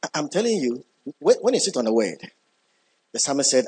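A man preaching a sermon, emphatic, repeating key words and building up when excited. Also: on the high side, normal speed, long pauses, husky.

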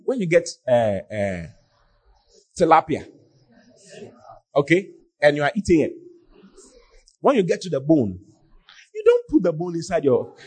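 A man preaching on a podcast, scolding with animated rhetorical questions and shouting for emphasis. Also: high-pitched, husky.

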